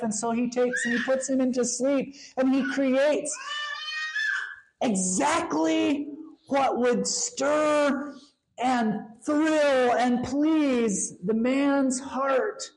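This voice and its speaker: A woman preaching an expressive sermon, slowing down for emphasis and sometimes dropping to a hush. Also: high-pitched, slight background noise.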